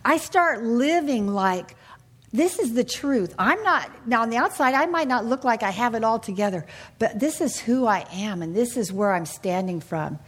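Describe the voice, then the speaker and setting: A woman's voice: fairly high pitch, expressive, moderate pace. Earnest woman teaching a Bible class. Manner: earnest and confiding, asks the room questions. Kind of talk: informal Bible teaching to a group.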